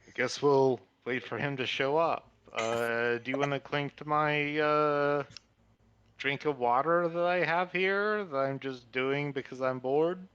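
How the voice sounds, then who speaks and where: A man's voice: fairly high pitch, unhurried, a bit bright, smooth, muffled recording. A man playing a tabletop game, talking in a laid-back, rambling way. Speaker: player. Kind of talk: in-character tabletop chat.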